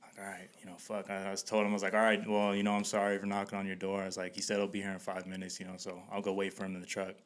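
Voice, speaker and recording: A man with a lowish voice tells a story on a podcast at an easy pace. He is laid-back, swears freely and laughs now and then as he goes. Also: completely flat delivery, very fast, clear, resonant tone. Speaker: podcast host. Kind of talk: casual storytelling.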